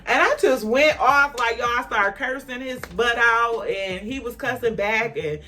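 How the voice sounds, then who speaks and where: Animated woman telling a story to camera. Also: a little high, a little slow. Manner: animated, emphatic, talks straight to viewers. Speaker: vlogger. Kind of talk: casual storytime.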